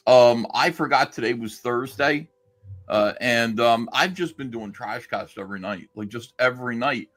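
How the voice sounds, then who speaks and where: A man's voice: mid-range voice, moderate pace, fairly bright tone. A man on a livestream telling a story in a rambling, sarcastic way and acting out the lines he quotes. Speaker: streamer recounting a story.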